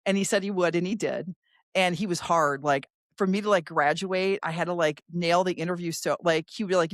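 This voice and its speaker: A middle-aged woman recruiter hosting an interview, telling stories in a quick, animated way and acting out what other people said. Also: on the low side, no echo, studio quality. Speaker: staffing recruiter and podcast host. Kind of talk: casual interview storytelling.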